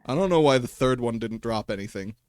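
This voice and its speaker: Man, game livestreamer, casual chatty commentary, animated pitch, swears and laughs, desk mic. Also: brisk, dry recording. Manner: chatty, talks to himself and his pets, swears, laughs often.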